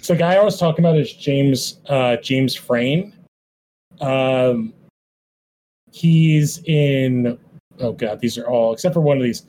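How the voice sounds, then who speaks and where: A man's voice: medium pitch, takes it slowly, warm tone, a little hiss or hum, low-quality recording. A man co-hosting a casual movie-watching podcast, talking in a rambling way with many fillers. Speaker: podcast co-host.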